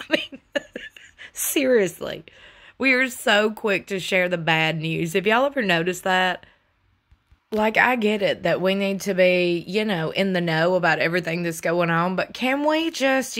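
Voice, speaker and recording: A woman chatting to her viewers from home, telling stories in an animated way and laughing often. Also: on the low side. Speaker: YouTube host. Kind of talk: casual chat to viewers.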